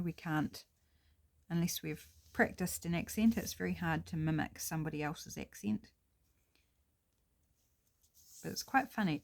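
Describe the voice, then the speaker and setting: A woman's voice: low voice, vocal fry. A middle-aged woman with a New Zealand accent, chatting casually and thinking aloud as she works on a craft project at home. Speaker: crafting vlogger.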